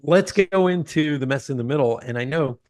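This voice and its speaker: A man's voice: fairly high pitch, normal speed. A man hosting a business interview, telling stories with laughs and frequent filler words. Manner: animated storyteller, laughs often, many uh fillers. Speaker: podcast host. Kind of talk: casual interview chat.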